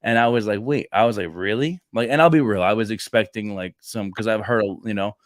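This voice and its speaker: A man in his thirties with a fairly low voice tells stories in a casual podcast chat. He acts out the dialogue with lively bursts of energy and often restarts his sentences. The recording is dry and close, with no room sound. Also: fast talker, no echo. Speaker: podcast co-host. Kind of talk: casual faith chat, storytelling.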